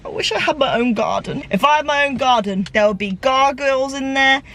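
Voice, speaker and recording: A young woman with an English accent chatting casually in a vlog, self-deprecating and jumping into high excited tones. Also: brisk, few pauses, a little hiss or hum. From England. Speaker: vlogger.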